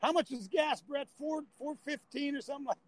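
A man's voice: extremely high pitch, fairly quick, crowd noise, rough recording. An older man hosting a casual call-in talk show, rambling and folksy with frequent restarts, talking from a vehicle.

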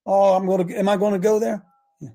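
Male talk-radio host, fiery and repetitive, high voice. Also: flat delivery, fast talker. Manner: impassioned, repetitive, shouting at times. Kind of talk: fiery call-in talk show rant. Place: studio in Ohio.

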